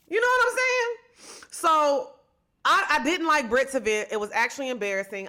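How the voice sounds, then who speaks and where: Bright-voiced sassy woman podcast host. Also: on the high side. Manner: chatty, sassy, addresses listeners directly. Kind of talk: solo reality-TV gossip commentary.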